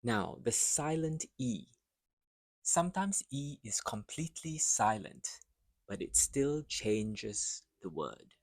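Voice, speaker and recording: A man teaching English pronunciation, speaking deliberately and saying each model phrase twice for the listener to repeat. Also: mid-range voice, big pitch swings, dry recording, studio quality. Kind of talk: pronunciation lesson.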